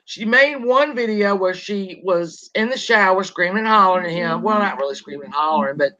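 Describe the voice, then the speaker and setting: A woman's voice: medium pitch, brisk, a crowd in the background. A woman hosting a casual gossip livestream, rambling and greeting viewers as she tells the story. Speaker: show host. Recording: lo-fi dull sound.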